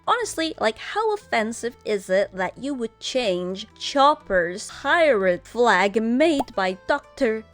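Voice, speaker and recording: A woman's voice: on the high side, sing-song, slow, hardly any pauses, no room sound, faint music behind. A woman from Argentina hosting an online commentary video in a sarcastic, mocking tone. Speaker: commentary host.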